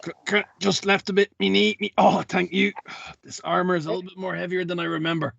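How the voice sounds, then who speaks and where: A man playing a tabletop game in character, halting and full of fillers. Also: sits high, little pitch movement, gravelly, fairly bright tone, dry recording. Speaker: player. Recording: dull lo-fi mic.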